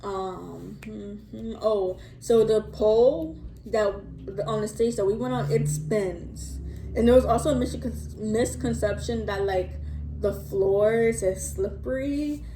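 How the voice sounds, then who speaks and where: A woman's voice: medium pitch, slow pace, mellow, a little hiss or hum. A young woman telling a casual storytime vlog into her phone, rambling and chatty with lots of fillers and the odd curse word. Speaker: vlogger. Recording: echoey room, faint ambience.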